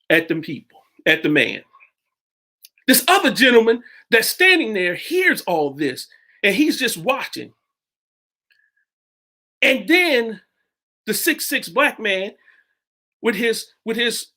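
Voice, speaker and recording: Lively, bright-voiced preacher telling a story. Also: male voice. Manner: halting, with many restarts and sudden pitch jumps. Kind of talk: sermon storytelling.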